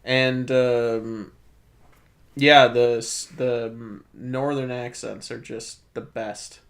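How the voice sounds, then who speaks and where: A man's voice: medium pitch, very slow. A young man, co-hosting a casual podcast and laughing often as he retells scenes. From Wisconsin, USA. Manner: laughs often, lively retelling with quoted voices. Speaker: podcast co-host.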